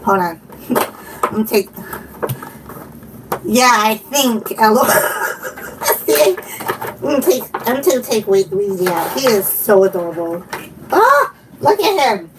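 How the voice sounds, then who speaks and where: A woman vlogger chatting casually while unboxing, giggling often and gushing with excitement. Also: a little high, slow, pauses often, distant mic, heavy background noise. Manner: giggly and gushing, frequent laughter.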